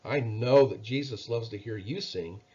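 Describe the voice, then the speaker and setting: A man voicing a small, timid but cheerful male mouse who squeaks and stammers kindly. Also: normal speed, a little mellow, muffled recording, lightly acted. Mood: encouraging.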